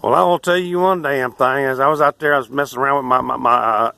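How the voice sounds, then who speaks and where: A man's voice: medium pitch, fairly even intonation, quick pace, vocal fry, sharp tone, voice pushed up. A man in his sixties putting on a rambling rural East Texas man with a nasal twang.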